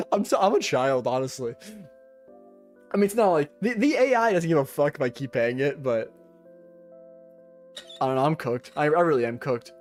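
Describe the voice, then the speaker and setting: A man's voice: fairly high pitch, lively intonation, unhurried, pauses often, soft background music. A young man who day-trades and streams, chatting casually, rambling, slangy and profane, often joking at his own expense. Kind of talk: casual livestream chat.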